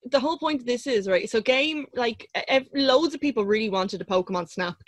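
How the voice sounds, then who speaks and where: Woman, 30s, podcast co-host, lively storyteller, dry close mic. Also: fairly quick, no echo. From Ireland. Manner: animated storyteller, acts out quotes in a high squeal. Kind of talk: casual chat.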